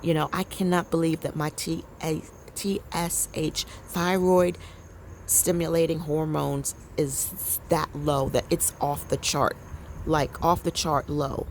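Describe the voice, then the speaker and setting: Low gravelly-voiced woman in her fifties. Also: little pitch movement, slow, slight background noise. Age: 50s. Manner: candid, rambling, confiding. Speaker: vlogger. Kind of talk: casual personal chat to viewers. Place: outdoor deck.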